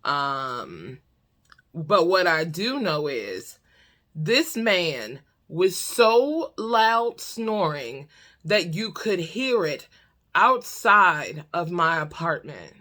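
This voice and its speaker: A woman vlogger telling a comedic story in a casual, animated, exasperated way, swearing freely. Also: fairly low pitch, drawn-out words.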